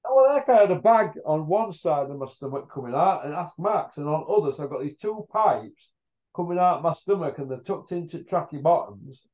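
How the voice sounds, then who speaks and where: A man's voice: fairly high pitch, expressive, moderate pace. A man hosting a casual chat, telling rambling stories in blunt slang. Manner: rambling storyteller, blunt northern English slang. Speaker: host. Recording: dull lo-fi sound.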